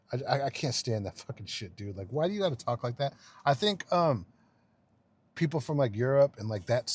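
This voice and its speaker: A man ranting from the driver's seat of his car, unscripted and profane. He rambles, scoffs and repeats himself as he talks. The sound is close and dry, with no room echo. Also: mid-range voice. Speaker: vlogger. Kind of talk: unedited car rant. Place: inside a car.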